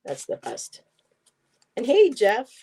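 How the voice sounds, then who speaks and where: Her fairly high voice swoops wildly in pitch, slow and slightly rough, as she co-hosts a livestream. A warm, talkative tarot reader, she reads card text aloud to viewers with casual asides.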